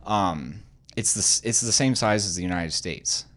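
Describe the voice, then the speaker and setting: A man's voice: lowish voice, moderate pace, fairly bright tone. A man co-hosting a podcast, talking casually and hesitantly, often poking fun at himself. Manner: hesitant, self-deprecating, many fillers and restarts. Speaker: podcast co-host. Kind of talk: casual chat.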